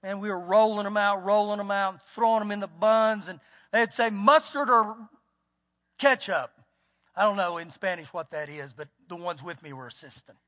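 Texan male pastor, very high pitch, folksy storyteller, preaching in a church with long reverb. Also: moderate pace, sharp tone. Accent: Texas. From United States. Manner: folksy storytelling, acts out quotes. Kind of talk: sermon. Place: church sanctuary.

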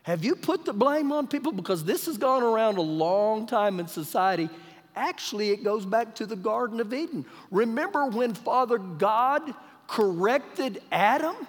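Male pastor, very high voice, emphatic sermon, rhetorical questions, live church recording, long hall reverb. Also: lively intonation, normal speed. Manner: humorous paraphrasing of scripture. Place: church sanctuary during a live service.

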